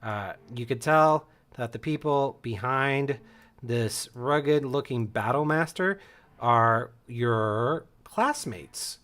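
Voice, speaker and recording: A man's voice: medium pitch, lively intonation, slow, a bit bright. A man narrating a tabletop game as game master in a casual, loose way with fillers.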